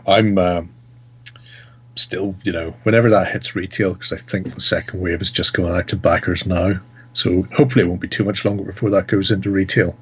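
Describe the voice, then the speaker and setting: A man's voice: low-pitched, fairly even intonation, brisk, husky, dull audio. A man co-hosting a casual hobby video chat, enthusiastic and joking. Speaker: co-host.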